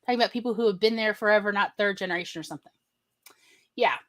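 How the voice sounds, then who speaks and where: A woman's voice: mid-range voice, very fast. A woman co-hosting a casual podcast chat, telling family stories and acting out the voices of relatives she quotes. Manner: storytelling, acts out quoted relatives in shifting voices. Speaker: podcast co-host.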